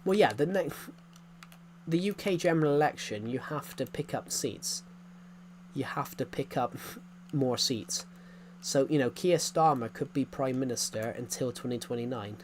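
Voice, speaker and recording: Male game streamer, mid-pitched, rambly and repeating himself, light hiss under the voice. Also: moderate pace. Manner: rambling, repeats phrases, frequent chuckles. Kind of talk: casual live-stream chatter.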